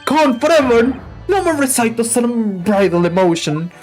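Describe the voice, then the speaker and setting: A woman voicing a gloomy, dramatic male detective who plays violin, reading game dialogue aloud in a slow, melancholy way. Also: on the high side, sing-song, darkish tone, soft background music, pitched above the performer's own voice. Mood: melodramatic.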